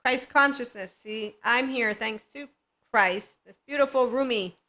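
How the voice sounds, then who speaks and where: A woman's voice: fairly high pitch, a little slow, pushed and bright. A woman hosting a spiritual self-help podcast, talking in a playful, rambling way and laughing often. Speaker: podcast host.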